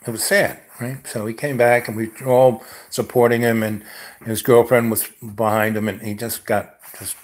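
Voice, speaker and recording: A man telling a personal story in a rambling, halting way, with many pauses and fillers. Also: on the low side.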